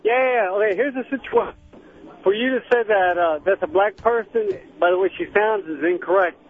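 A man's voice: sits high, brisk. Matter-of-fact man on a tinny phone. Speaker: caller. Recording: tinny phone line with faint noise.

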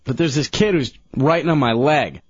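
A man's voice: mid-range voice, moderate pace, slightly rough, no echo, highs cut off. A young man, a regular on a radio talk show, telling a rambling story and slipping into voices. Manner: rambling, animated, doing voices. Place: radio studio.

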